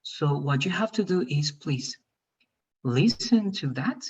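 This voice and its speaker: Husky man teaching over a dull line. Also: on the high side, animated, slow, darkish tone. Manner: repetitive, checks in with "all right?". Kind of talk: online class instructions.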